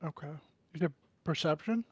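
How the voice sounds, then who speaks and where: A man's voice: on the high side, normal speed, husky, dry recording. Chatty man playing a tabletop game. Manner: chatty, filler-heavy explanation. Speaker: player.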